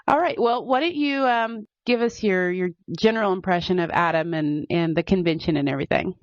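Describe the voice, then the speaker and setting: A woman's voice: fairly low pitch, brisk, no room sound, highs cut off. A woman hosting a podcast interview, opening with a scripted intro and then chatting in a friendly way.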